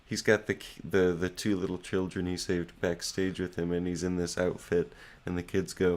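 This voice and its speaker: A man's voice: low-pitched, little pitch movement, normal speed, hardly any pauses. A man co-hosting a casual anime podcast, laid-back and recapping scenes with plenty of casual swearing. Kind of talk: casual chat.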